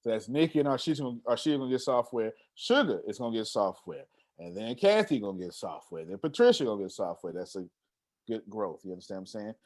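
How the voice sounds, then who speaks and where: A man with a fairly low voice hosts a video-call meeting at a quick pace, delivering animated, casual motivational talk in streetwise slang and repeating himself often.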